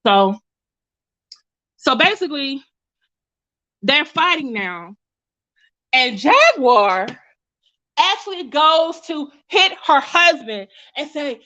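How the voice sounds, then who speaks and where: A woman talks through a story in casual commentary, blunt and chatty, often restarting her sentences mid-thought. Her voice sits high. The recording is dull and lo-fi. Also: animated, unhurried, fairly bright tone. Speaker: commentary YouTuber.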